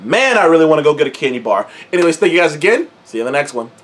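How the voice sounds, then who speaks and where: A man's voice: fairly high pitch, very animated, rapid-fire, fairly bright tone, slight background noise. A young man hosting his own show, giving a casual movie review full of swearing, slang, laughs and repeated words.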